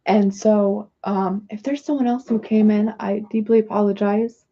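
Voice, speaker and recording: A woman's voice: medium pitch, steady tone, moderate pace, highs cut off. A woman hosting a casual livestream, chatting in a rambling, apologetic way while she works through oracle cards. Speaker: livestream host doing oracle card readings.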